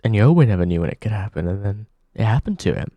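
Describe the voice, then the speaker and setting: A man hosting a comedy show, delivering a halting deadpan monologue full of pauses. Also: lowish voice, dry recording, highs cut off.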